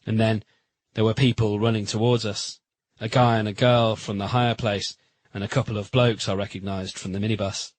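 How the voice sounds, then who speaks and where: A man narrating a first-person romance audiobook in a steady, measured reading. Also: lowish voice, dry recording, rough recording.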